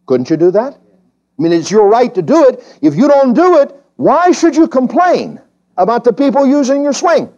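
A male pastor teaches an evening sermon in church, his voice mellow and dark yet swinging widely in pitch as he presses each point. He keeps asking his congregation questions. The recording sounds dull and slightly lo-fi. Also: very animated, normal speed. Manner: emphatic preaching, climbing high when stressing points. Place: church during a service.

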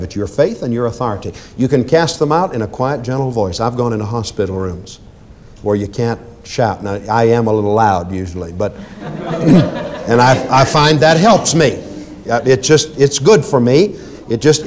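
A man's voice: mid-range voice, slight background noise. A man preaching a sermon on deliverance ministry, emphatic and commanding, repeating phrases and talking straight to his congregation. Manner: emphatic, swinging between loud commands and quiet asides.

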